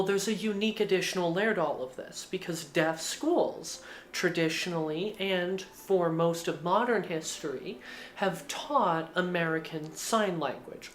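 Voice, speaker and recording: A woman narrating a video essay in a casual way, with lots of filler words. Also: fairly low pitch. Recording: roomy echo.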